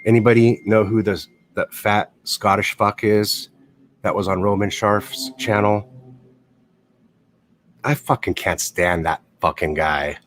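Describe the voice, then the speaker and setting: A man's voice: on the low side, measured pace, fairly bright tone, a little hiss or hum. A man hosting a casual livestream, swearing freely and rambling as he talks through gossip. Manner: profane, rambling, blunt. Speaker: livestream host.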